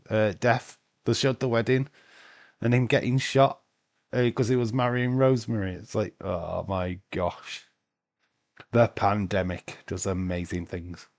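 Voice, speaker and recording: A man hosting a casual live watch-along stream, chatting loosely, answering viewers' comments and swearing now and then. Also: medium pitch. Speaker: livestream host.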